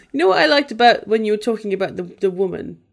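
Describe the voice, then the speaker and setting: A woman with a bad cold co-hosting a podcast over a video call, making deadpan quips and laughing often. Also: mid-range voice, a little fast, gravelly. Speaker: podcast co-host.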